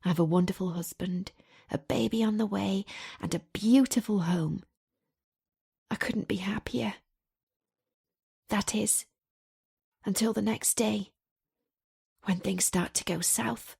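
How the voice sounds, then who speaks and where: A woman's voice: mid-range voice, fairly even intonation, unhurried, vocal fry, dark tone, slightly rough. A woman reading a romance audiobook in the first person, in a chatty, confiding manner. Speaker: audiobook narrator.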